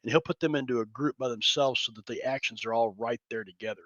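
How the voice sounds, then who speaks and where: A man playing a tabletop game, crude and joking, with loud outbursts. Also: medium pitch, fast, no echo, highs cut off. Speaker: player. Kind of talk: casual chat.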